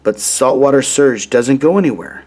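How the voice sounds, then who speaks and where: A man reading a children's storybook aloud in a gentle, deliberate way. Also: mid-range voice, lively intonation, breathy edge. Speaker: storybook reader.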